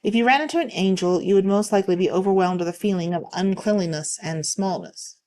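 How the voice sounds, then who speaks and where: A woman reading online stories aloud in a calm, steady way. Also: mid-range voice, fast. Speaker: narrator reading online posts.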